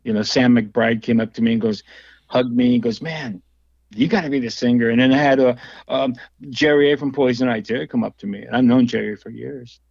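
A man telling loose, rambling stories in a casual interview, laughing often and restarting his sentences. His voice sits at an ordinary pitch. The recording is dry and a little muffled. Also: fairly even intonation, brisk, gravelly, a little mellow, dry recording. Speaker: guest musician and label owner.

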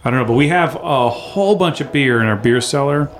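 Lively-voiced man hosting a beer chat. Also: mid-range voice, fairly quick. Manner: laughs often, animated. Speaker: podcast host. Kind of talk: casual beer-tasting chat.

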